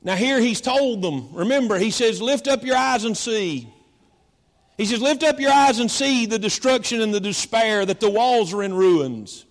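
A man preaching a sermon as pastor, repeating phrases and slowing down for dramatic emphasis. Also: high-pitched, lively intonation, in a large hall. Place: church.

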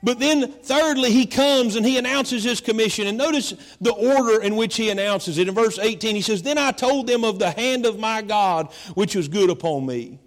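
High-voiced preaching pastor in a reverberant church. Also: male voice. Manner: preaching with repetition and dramatic slow emphasis. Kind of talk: sermon.

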